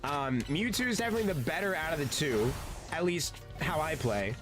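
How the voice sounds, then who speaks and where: Streaming a game with music in the background, a man with a slightly high voice speaks briskly with lively intonation. His casual chat is rambling and laid-back, full of "dude" and swearing.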